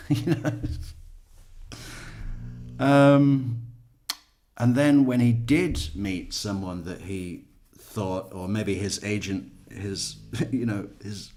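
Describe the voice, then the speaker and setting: A man with a fairly low voice comments casually on recorded calls. He rambles through side stories, swears freely and chuckles as he goes. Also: extremely slow, pauses often, darkish tone. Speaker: true crime commentator.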